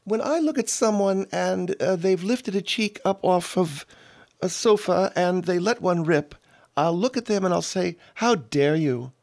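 A man putting on a high, prim voice for an indignant older woman. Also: unhurried, vocal fry, darkish tone. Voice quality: high falsetto, prim and scolding.

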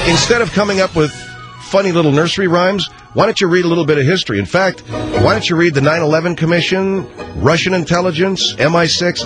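A man's voice: animated, fairly quick, music in the background. A man hosting a radio show, reading listener mail aloud with sarcastic asides. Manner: wisecracking, sarcastic, drifts between pitches while reading letters.

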